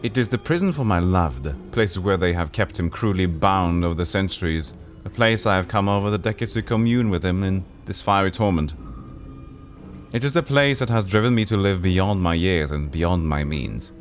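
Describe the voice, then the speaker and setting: A man's voice: low voice, animated, normal speed, faint music behind. Man putting on a despairing sardonic woman. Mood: mournful. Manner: wistful, then frantic and pleading. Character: despairing, sardonic woman, aging, bruised tavern regular.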